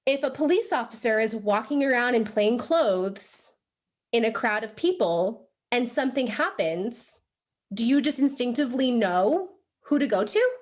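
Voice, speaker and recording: A young sales team trainer with a slightly high voice delivers a lively motivational talk to a live audience in a room, at a moderate pace. She's chatty and animated, sprinkling in "like" and checking in with "right?" to keep everyone engaged.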